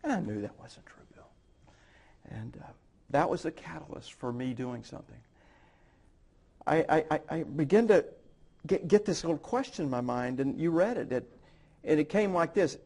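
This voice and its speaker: A middle-aged man, a guest on a television interview, tells a heartfelt personal story, halting now and then with restarts and fillers. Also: a little high, lively intonation, vocal fry, dark tone, breathy edge. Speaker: guest, author and speaker. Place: television studio.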